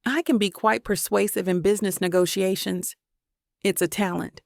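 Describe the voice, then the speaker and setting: Lady reading as a cocky teasing businessman guy, gravelly edge, dry close sound, audiobook. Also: medium pitch, fairly even intonation, moderate pace, no echo, close to an everyday voice. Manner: amused, teasing, self-assured. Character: confident teasing male businessman, smooth and playful. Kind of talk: audiobook narration.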